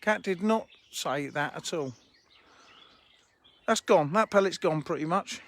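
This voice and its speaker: Out by a fishing lake, a man who owns the fishery holds his phone and chats unhurriedly with live-stream viewers, laughing as he replies to comments. His fairly high, fairly bright voice has lively intonation, set against birdsong and faint outdoor noise.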